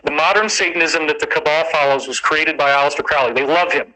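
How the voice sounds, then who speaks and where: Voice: mid-range voice, quick pace, bright, forceful tone, low-quality recording. A speaker in a played clip, explaining things in a matter-of-fact, conversational way.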